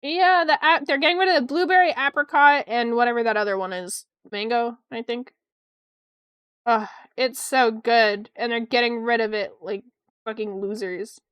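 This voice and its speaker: A chatty young woman streamer with a smooth, crisp voice, sitting a little high in pitch. She talks to her chat casually and excitably, tossing in swears. The sound is dry and close, with no room in it. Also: a little slow, no echo. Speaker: art streamer.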